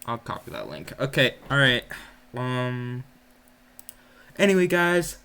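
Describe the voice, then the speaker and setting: A man's voice: mid-range voice, very animated, slow pace, bright, forceful tone, clean tone. A man hosting a reaction video, talking in a hesitant, casual way with lots of ums.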